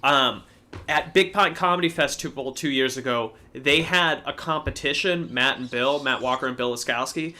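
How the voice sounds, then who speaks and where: A man co-hosting a casual livestream, telling a story in an animated way and swearing freely. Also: medium pitch, moderate pace. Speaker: co-host.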